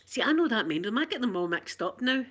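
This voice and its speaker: A woman's voice: fairly high pitch, sing-song, fast talker, fairly bright tone, slight background noise. A woman with a Scottish accent chatting casually to her viewers on a phone, rambling and laughing often. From Scotland. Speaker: channel host.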